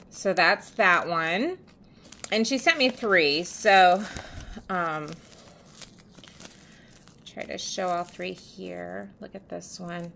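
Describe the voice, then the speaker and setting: Woman vlogger at home, unhurried and chatty, bright edge to the voice, lots of ums. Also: medium pitch, creaky, slight background noise. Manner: chatty, many ums, gushing. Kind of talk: casual show-and-tell vlog. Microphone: camera mic.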